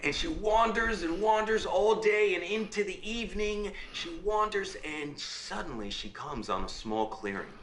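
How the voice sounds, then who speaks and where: A man acting a father in a game, telling a fairy tale as a bedtime story with quick asides to his listener. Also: high voice, expressive, fairly bright tone, roomy sound, a little hiss or hum, low-quality recording.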